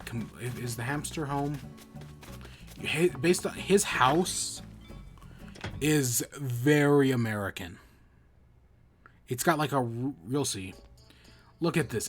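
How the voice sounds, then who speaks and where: A man's voice: medium pitch, expressive, slow pace, pauses often, fairly bright tone, husky, soft background music. A man streaming a video game, chatting casually in rambling, self-correcting bursts. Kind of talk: casual gameplay commentary.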